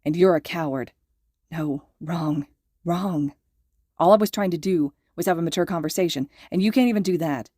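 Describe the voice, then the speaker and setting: A woman's voice: lowish voice, normal speed, mellow, dry recording, clean studio sound, natural voice. A woman voicing a frustrated young man who bluntly presses for answers.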